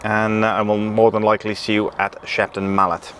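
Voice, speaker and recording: Lorry driver vlogging from the cab, lowish voice, easy chatty delivery with fillers, faint vehicle noise behind. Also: male voice, fairly quick. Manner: relaxed, chatty, many ums and restarts. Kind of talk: casual chat reading viewer comments. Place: in and around a truck. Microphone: action camera with pocket mic.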